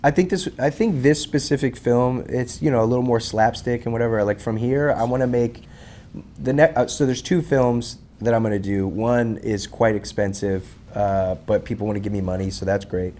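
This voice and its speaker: A man's voice: medium pitch, normal speed, a little hiss or hum. A man in his thirties telling stories as an interview guest, casual and profane, acting out quotes from others. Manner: animated, profane, acts out quotes. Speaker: guest, rapper and filmmaker.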